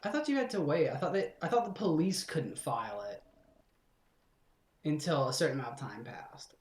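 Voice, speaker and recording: A man's voice: on the high side, lively intonation, moderate pace, roomy sound. A man streaming horror games, rambling through jokes and swearing as he plays. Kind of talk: casual game commentary.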